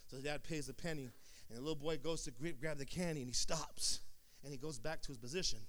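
A man preaching a sermon, telling a story in a calm low voice and then building up to sing-song shouted climaxes. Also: fast. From Sacramento area.

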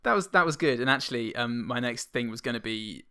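A man co-hosting a podcast, chatting casually about films with quick quips and many fillers. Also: mid-range voice, animated, bright, forceful tone, clean tone. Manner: laid-back, quick quips, frequent fillers. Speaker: podcast co-host. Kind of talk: casual film review chat.

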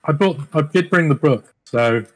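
A man's voice: on the high side, lively intonation, moderate pace, no echo, poor audio. A man playing a tabletop game, hesitant and often unsure. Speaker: player. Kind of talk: casual chat at a tabletop game.

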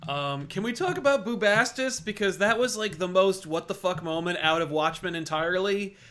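A man co-hosting a podcast, chatting casually and rambling, laughing often and swearing. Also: normal speed. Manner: laughing, rambling, swearing, bursts into loud high mock voices. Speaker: podcast co-host. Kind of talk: casual chat.

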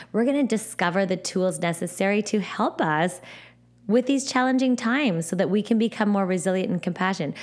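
A woman hosting a podcast alone, talking in a gentle, encouraging way and often repeating her phrases. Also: mid-range voice. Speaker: podcast host. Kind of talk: supportive solo podcast talk.

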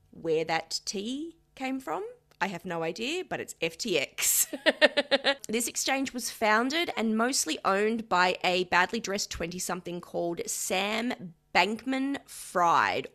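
Lively, bright woman storyteller. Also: medium pitch. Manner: playful, self-mocking, giggly. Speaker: podcast co-host. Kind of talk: casual chat, explaining a story.

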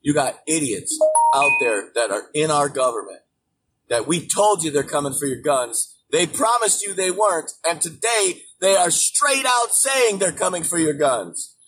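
A man hosting his own show, delivering an angry, profane political rant with frequent swearing and sudden shouted bursts. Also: on the high side, lively intonation, measured pace, faint music behind. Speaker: show host. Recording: distant mic with faint background noise.

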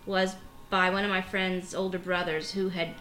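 A woman's voice: on the low side, level tone, normal speed, fairly bright tone. A woman, a pharmacy professor, talking candidly in an interview, reflective and full of restarts. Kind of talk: conversational interview. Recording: roomy with faint background noise.

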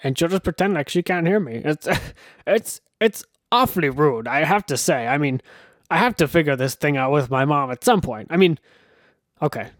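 A man's voice: a little high, lively intonation, moderate pace, dry recording, studio quality. A man hosting a comedy podcast, rambling through silly stories in a stammering, laughing manner. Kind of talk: comic rambling monologue.

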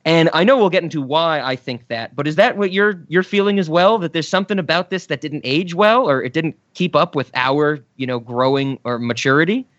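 A man's voice: on the high side, brisk, hardly any pauses, a bit bright, no echo. A man in his thirties co-hosting a podcast, talking in an easygoing, reflective way with occasional fillers. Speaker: podcast co-host. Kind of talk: casual podcast chat. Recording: slightly dull, dry lo-fi audio.

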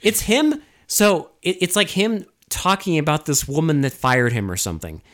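A man's voice: on the high side, animated, normal speed, fairly bright tone. A man co-hosting a casual movie review podcast, exasperated and rambling, with frequent swearing. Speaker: podcast co-host.

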